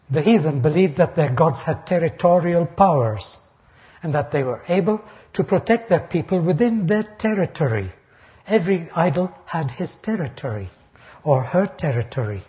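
Emphatic older male preacher, lo-fi. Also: fairly high pitch. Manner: emphatic, rising sharply on quoted taunts. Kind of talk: expository Bible sermon. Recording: dull lo-fi recording.

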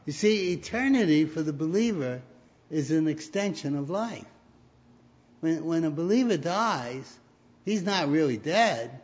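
Guy preaching a sermon, slow and deliberate, storytelling, kinda muffled lo-fi audio. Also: fairly high pitch, lively intonation. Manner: storytelling, rising to emphatic peaks. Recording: dull lo-fi recording.

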